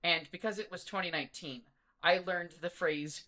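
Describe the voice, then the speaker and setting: A woman's voice: fairly low pitch, moderate pace, pushed and bright. A woman co-hosting a podcast in casual chat, rambling and repeating her words as she tells stories. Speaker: podcast co-host.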